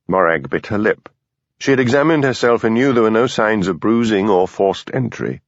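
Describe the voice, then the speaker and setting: A man narrating an audiobook in a measured, expressive reading. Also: on the low side, dry recording. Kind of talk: scripted narration. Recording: dull lo-fi dry studio recording.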